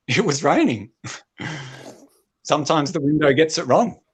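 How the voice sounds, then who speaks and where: Deadpan male stand-up comic. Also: fairly high pitch, slow pace. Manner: deadpan, throat-clearing delivery. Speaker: stand-up comedian.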